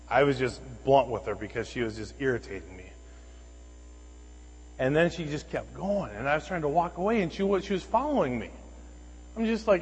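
Male pastor, fairly high husky voice, animated storytelling sermon, long church reverb. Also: a little fast. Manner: animated anecdotes, acting out quoted voices.

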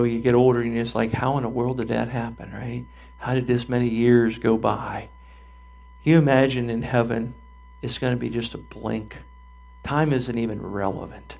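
Older male pastor, gravelly, animated storytelling sermon. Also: mid-range voice. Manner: animated storytelling, acting out voices.

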